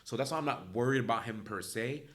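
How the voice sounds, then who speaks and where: A man's voice: medium pitch, fast talker, a bit bright. A young man co-hosting a sports podcast, blunt and joking, swearing casually as he breaks down a game. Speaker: podcast co-host.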